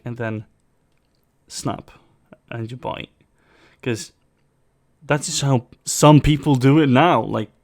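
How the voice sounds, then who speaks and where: A Swedish reaction video host rambles through casual reaction commentary, opinionated and full of fillers. His medium-pitched voice carries a mixed non-native English accent, part British and part American.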